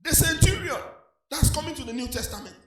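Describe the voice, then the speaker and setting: A man's voice: very high voice, lively intonation, a little fast. A man preaching a sermon as pastor, in a sing-song cadence sprinkled with hallelujahs. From Nigeria. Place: church hall. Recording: echoey church hall with faint music.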